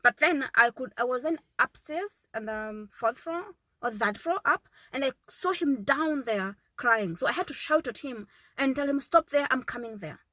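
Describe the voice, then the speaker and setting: Her high, sharp voice is animated and runs at a normal pace with hardly a pause. She's a mother in her thirties who vlogs about parenting, giving earnest, repetitive tips to camera and checking in with "okay?", captured in a rough recording with no echo.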